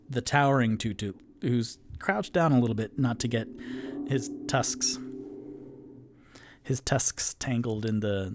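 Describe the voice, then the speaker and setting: A man narrating as game master, improvising fantasy scenes in a halting way, with many fillers and restarts. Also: mid-range voice, a little mellow, a little hiss or hum.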